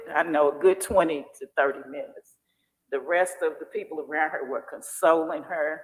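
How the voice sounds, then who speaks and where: A woman's voice: sits low, moderate pace. A woman chairs a school board meeting, her remarks heartfelt and openly emotional in a folksy way. Her voice rings out with the long reverb of a large boardroom.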